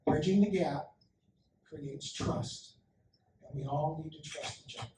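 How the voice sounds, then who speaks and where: Guy giving a keynote, kinda high voice, acts out the quotes, big echoey hall, mic a bit far off. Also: a little fast, a little hiss or hum. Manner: animated storyteller, acts out quotes. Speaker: conference speaker. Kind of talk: motivational keynote talk.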